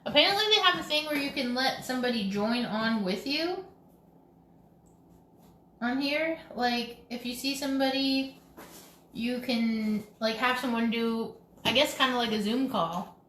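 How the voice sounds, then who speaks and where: A chatty woman rambles through a home live stream, laughing often. Her voice sits a little high and rings bright and sharp. The room around her gives off a clear echo. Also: unhurried, a little hiss or hum. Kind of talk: casual chat. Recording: echoey room.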